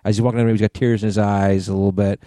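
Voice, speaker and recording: A man's voice: fairly low pitch, level tone, rapid-fire, dark tone, dry recording, studio quality. A man in his forties, a podcast co-host, telling a rambling story in casual chat and swearing freely.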